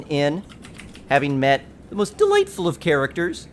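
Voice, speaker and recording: A man narrating a tabletop game as game master, in a playful, lively way. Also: fairly high pitch, fairly quick, a little hiss or hum.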